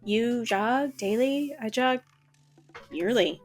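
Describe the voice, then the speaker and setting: A woman's voice: a little high, slow pace, faint music behind. A woman voicing an awkward, self-mocking single father who tells stories with disbelief. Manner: incredulous, exclamatory storytelling.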